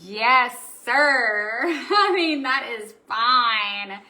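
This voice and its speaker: A woman who owns a craft shop, hosting a live stream where she shows new supplies and chats excitedly with viewers. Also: a little high, very slow, rough recording. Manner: bubbly, excitable, chatty with viewers. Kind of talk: live stream product showing.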